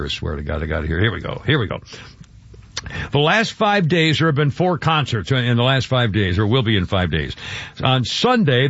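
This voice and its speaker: A radio talk host, a man, chats along in a loose, rambling way, tripping over words and circling back. His voice sits a little high. The sound is dry and a bit muffled, like a studio mic on air. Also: fairly bright tone, dry recording. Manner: rambling, stumbling over words, chuckling asides. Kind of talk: casual rambling chat.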